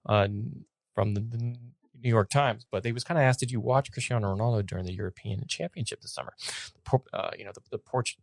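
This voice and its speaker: A man co-hosting a casual podcast, relaxed, reading out bits from articles and notes. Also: medium pitch, brisk, gravelly, dry recording, clean studio sound. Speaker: podcast co-host. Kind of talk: casual chat.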